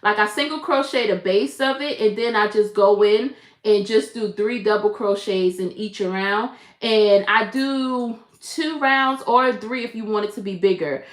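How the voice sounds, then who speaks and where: A woman's voice: medium pitch, unhurried. A woman hosting a casual crochet live stream, chatting and greeting viewers by name. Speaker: crochet livestream host. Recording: echoey room.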